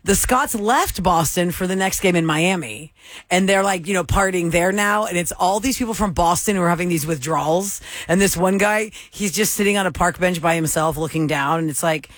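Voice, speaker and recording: A man hosting a morning radio show, chatting and telling stories in a lively way. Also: high-pitched, normal speed, no room sound, studio quality. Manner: chatty, animated storytelling. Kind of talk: casual radio banter.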